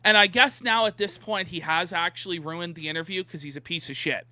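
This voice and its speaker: A man's voice: high-pitched, brisk, pushed and bright, dry recording. A man co-hosting an online commentary show, ranting and mocking with emphatic repetition. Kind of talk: heated commentary on online drama.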